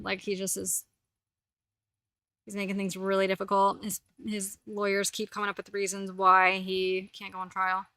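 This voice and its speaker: A woman chats on her livestream in a rambling, filler-heavy way. Her voice is bright and clear. It comes through a close mic in a dry space with no echo. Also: medium pitch, completely flat delivery, moderate pace. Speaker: host. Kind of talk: casual livestream chat.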